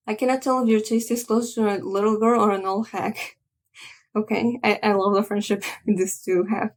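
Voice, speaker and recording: A woman's voice: medium pitch, steady tone, normal speed. A woman reading a comic aloud and chatting about it, with frequent restarts and trailing asides. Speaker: manga reaction creator. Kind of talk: reading a comic aloud with casual reaction commentary.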